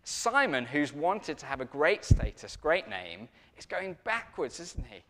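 A man preaching a sermon in a lively, conversational storytelling way. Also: a little high, unhurried, in a large hall.

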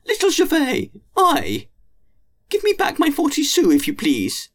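A shrill, insistent little boy in an audiobook. His voice sits very high and leaps wildly up and down, and the lines come slowly and drawn out. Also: huge pitch swings, fairly bright tone, exaggerated voice. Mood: pleading. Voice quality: high, shrill put-on child voice. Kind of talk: audiobook reading.

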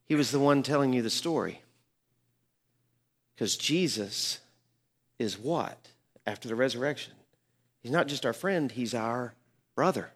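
A man's voice: medium pitch, animated, a little slow, pauses often, fairly bright tone, breathy edge. A middle-aged man, a pastor, telling a story in a sermon, earnest and building to emphatic peaks.

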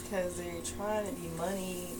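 A woman with a lowish voice trades blunt, teasing quips about wrestling. She speaks in a casual, offhand way, with a steady hum running behind her. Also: moderate pace. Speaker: podcast co-host.

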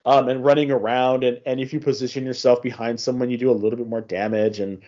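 A man's voice: medium pitch, little pitch movement, mellow, muffled recording. A man casually chatting on a gaming podcast, rambling with many restarts as he recounts a game. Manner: rambling, many restarts, acts out game dialogue in quick voices. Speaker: podcast host.

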